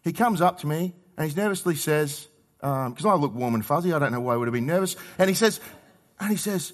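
A middle-aged Australian man delivers a sermon with a fairly high voice. He talks to the congregation like a conversation, punching some words loudly and dropping others to quiet asides. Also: animated, fairly quick. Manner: conversational, swings between loud emphasis and quiet asides. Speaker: pastor.

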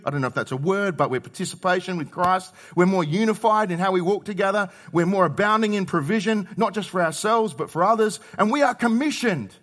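This is a pastor, a middle-aged Australian man with a high voice, giving a sermon in a chatty style. His delivery moves back and forth between loud, emphatic moments and soft asides.

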